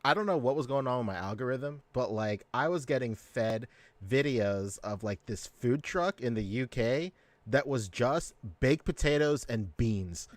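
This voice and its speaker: Man, podcast co-host, casual chat, lively storytelling, very expressive pitch, dry mic. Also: measured pace, no echo. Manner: lively storyteller, laughs a lot.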